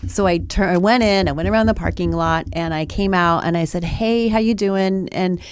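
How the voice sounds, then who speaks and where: A woman's voice: on the low side, steady tone, a little fast, clean tone, dry recording. A woman co-hosting a podcast, telling a personal story in casual chat, rambling with frequent restarts and fillers. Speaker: podcast co-host. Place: podcast studio.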